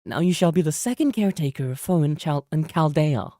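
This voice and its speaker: A man's voice: a little high, expressive, brisk, dark tone, dry recording, studio quality. A man putting on a shy, earnest young woman's voice with a put-on British accent while reading game dialogue aloud. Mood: earnest, polite. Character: shy polite young woman, a kind junior.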